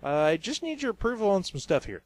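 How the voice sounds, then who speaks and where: Brief: upbeat cartoon editor guy, man voicing, high, dry close sound. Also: very animated, quick pace, no room sound. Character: cheerful helpful male film editor.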